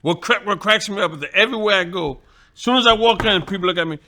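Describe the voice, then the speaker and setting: A New York man tells stories with a high, bright and forceful voice. He swears freely and talks in an animated way. He is a boxing trainer, chatting as a guest. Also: fast talker, slight background noise. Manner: profane, animated, laughing. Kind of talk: casual storytelling.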